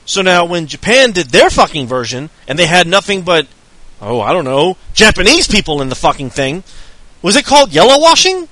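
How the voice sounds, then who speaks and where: A man on a podcast launches into a profane, heated rant. His voice is high and bright, and it swings wildly up and down. The sound is dry and close. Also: very animated, moderate pace, no echo, low-quality recording. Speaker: podcast co-host.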